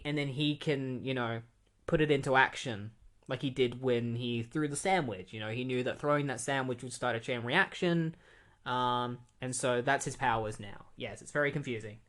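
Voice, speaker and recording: Chatty comic book podcast host. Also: mid-range voice. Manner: chatty, amused, many fillers and asides. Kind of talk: casual comic recap.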